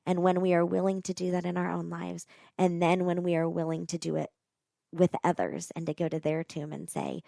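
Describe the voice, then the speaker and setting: Woman, low voice, gravelly fry, dry close sound, earnest storytelling, casual fillers. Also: fairly quick, no room sound. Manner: animated, earnest, frequent "like" fillers. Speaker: podcast guest, nonprofit co-founder. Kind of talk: heartfelt storytelling in conversation.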